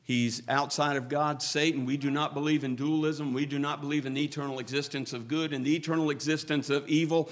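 A man preaching a sermon, moving between hushed, quiet passages and loud, fervent build-ups as he quotes scripture. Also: fairly high pitch, flat delivery, fairly quick, few pauses.

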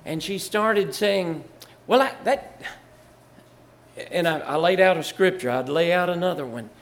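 A man's voice: high voice, animated, measured pace. An older man from Virginia, a pastor telling church stories in a folksy way, chuckling and rising to fervor. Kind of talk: storytelling testimony.

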